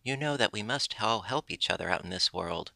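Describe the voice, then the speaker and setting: A loyal, hungry male dog, read by a man from a storybook. He speaks calmly and plainly in a low, gravelly voice with a bright edge. The sound is close and dry. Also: fairly quick, no echo, full character voice.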